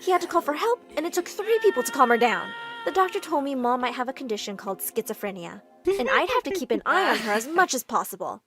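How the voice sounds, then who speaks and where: A woman tells an animated story in the first person, with a high and very lively voice. Her delivery is brisk and expressive, and soft music runs underneath. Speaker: narrator.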